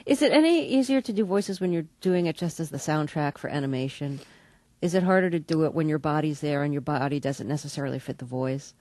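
A woman interviewer with a lowish, mellow voice asks curious follow-up questions. Her sound is close and dry. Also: fairly quick, no room sound.

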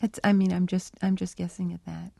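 A middle-aged woman with a gravelly, mellow voice, speaking as an interview guest. She tells her stories thoughtfully and slips into the remembered lines of dialogue. The recording is dry and close, made at a studio microphone. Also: on the low side, level tone, a little fast, dry recording. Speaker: animal researcher, interview guest. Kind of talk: radio interview, storytelling answers.

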